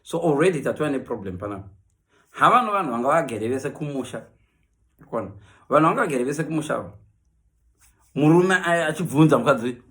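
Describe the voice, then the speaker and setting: Fairly high in pitch and quick, with pauses throughout, this Zimbabwean-accented comedian switches between English and Shona in a lively monologue. He brings the people in his stories to life by voicing them.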